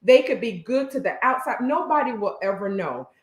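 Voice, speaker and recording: A woman's voice: fairly high pitch, animated, moderate pace, roomy sound. A woman working as a therapist, co-hosting a casual couple's talk with her husband. She speaks earnestly and emphatically and stumbles a little as she picks her words. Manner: stutters a little, choosing words carefully. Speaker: therapist and social worker, co-host.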